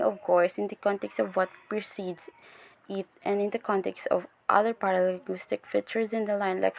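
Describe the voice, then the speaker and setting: A woman's voice: medium pitch, gravelly. A young woman giving a recorded class presentation, explaining step by step with frequent restarts and fillers. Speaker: student presenter.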